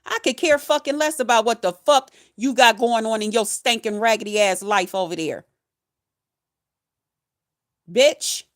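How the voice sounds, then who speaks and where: High-voiced woman in a cussing rant. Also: a little slow, pauses often. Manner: heated, cussing, insulting, emphatic. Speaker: nurse and vlogger. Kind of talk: angry profane rant to camera.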